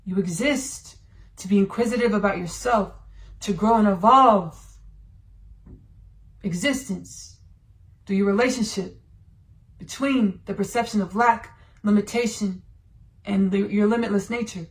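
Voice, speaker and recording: A woman hosting a podcast, giving a channeled spiritual monologue and sharing personal thoughts in a slow, drawn-out, meditative way. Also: medium pitch. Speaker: podcast host.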